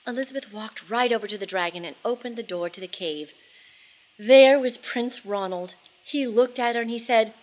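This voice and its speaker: A woman reading a storybook aloud to children, expressive and animated, with dramatic hushes and shouts. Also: fairly high pitch, normal speed, poor audio.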